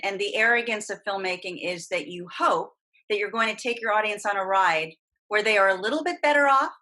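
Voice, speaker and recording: A middle-aged woman with a mid-range voice, a guest voice actress and coach, talks at length in a casual podcast chat. She comes across as animated and emphatic, and the recording quality is low.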